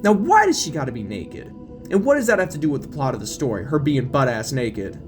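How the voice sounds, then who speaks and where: A man's voice: a little high, moderate pace, music in the background, lightly acted. A man doing a blunt, foul-mouthed young woman. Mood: indignant. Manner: indignant, foul-mouthed, sarcastic.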